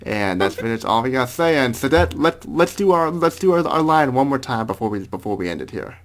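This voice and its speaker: A man hosting a casual gaming podcast, often halting and repeating words as he wraps up. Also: mid-range voice, very animated. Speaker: podcast host.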